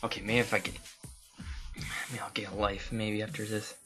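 A let's play host giving live gameplay commentary, excitable, swearing often and talking to the game. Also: medium pitch, normal speed, over music.

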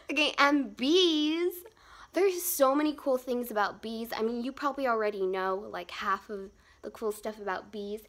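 Young female vlogger, slightly high-pitched, chatty and rambling, giggles often; casual phone live stream. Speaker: fashion vlogger. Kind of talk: casual outfit vlog.

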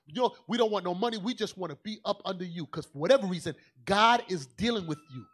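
Male preacher, high-pitched, colloquial and emphatic, swings from muttered asides to shouts. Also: fast talker, few pauses. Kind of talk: sermon.

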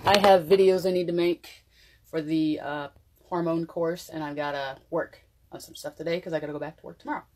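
Making a coffee drink on her vlog, this wellness vlogger keeps up a chatty, casual cooking-demo patter. Her dark-toned voice sits low and steady, running a little fast. Because she moves around while talking, her voice fades in and out.

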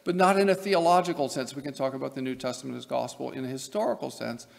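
A man's voice: medium pitch, fast talker, creaky. A man from Nebraska giving an academic lecture as a seminary professor, emphatic, with wry asides. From Nebraska, USA. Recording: long hall reverb.

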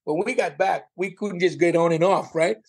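Male comedian guest, higher voice, animated raconteur, frequent laughter. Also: moderate pace, gravelly, slightly rough. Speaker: comedian and former cruise director. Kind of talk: casual interview storytelling.

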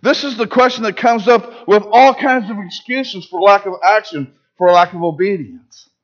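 A pastor giving a sermon in church, preaching with emphasis and asking the congregation rhetorical questions. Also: male voice, high voice, normal speed, dull audio.

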